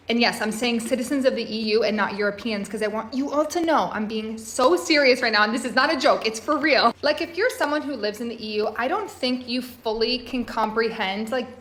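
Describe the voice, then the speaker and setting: A woman from the United States talking straight to camera in a casual, emphatic monologue, full of "like". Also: on the high side. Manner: emphatic, animated, lots of "like". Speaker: content creator living abroad.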